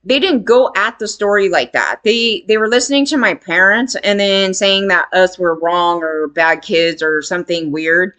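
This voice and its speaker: A woman's voice: fairly low pitch, normal speed, few pauses, fairly bright tone. A woman telling a candid personal story in a rambling, emphatic way, swearing freely.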